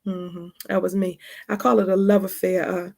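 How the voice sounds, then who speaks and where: Woman podcast host, Baltimore accent with some Texas twang, casual and chatty, laughs often, gravelly voice. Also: on the low side, little pitch movement, moderate pace, warm tone. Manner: chatty, calls listeners honey and y'all; laughs often mid-sentence. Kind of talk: casual spoken monologue.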